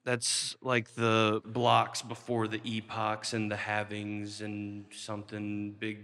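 A man hosting a comedic interview, asking odd questions in an awkward, deadpan way. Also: fairly low pitch, takes it slowly, no echo, studio quality. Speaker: host.

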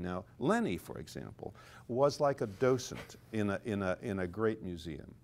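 A man's voice: lowish voice, very animated, normal speed, a little mellow. An older man, a conductor and author, explaining music with animation in conversation and singing phrases to illustrate his points.

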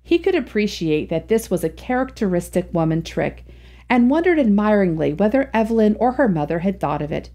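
Expressive, mellow-voiced woman storyteller. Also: medium pitch, fairly quick. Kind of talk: reading a classic short story aloud.

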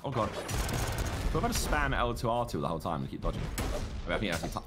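A man's voice: on the low side, sing-song, racing, heavy background noise. A young man, flustered and joking about himself while playing a game. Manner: flustered, self-mocking, repeats himself. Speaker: gaming streamer. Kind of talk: casual gaming banter. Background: loud game music.

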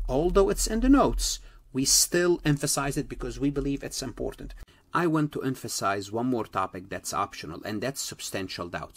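Guy teaching an accounting class, leans hard on key points, kinda husky, dead dry mic. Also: mid-range voice, dry recording. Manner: emphatic, repeats key points. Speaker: accounting lecturer. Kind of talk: recorded lecture.

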